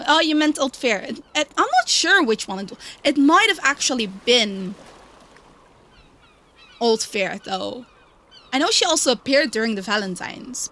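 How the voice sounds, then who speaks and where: A young woman streamer chatting in a playful, giggly way, with a high and very animated voice. Her delivery is slow and drawn out, and faint music plays behind her. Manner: playful, doting baby talk to her cat. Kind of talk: casual chat while gaming.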